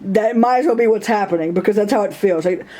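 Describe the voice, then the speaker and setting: Speaking quickly in a warm, mid-range voice, this vlogger talks casually to the camera. She rambles, makes fun of herself, laughs a lot, and acts out the voices of people in her stories.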